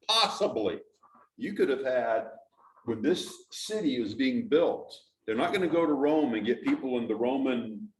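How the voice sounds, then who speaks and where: A man giving an informal, conversational talk to a church audience, explaining as he goes and asking the listeners questions. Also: a little high. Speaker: church speaker. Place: church sanctuary. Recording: echoey hall from a distance.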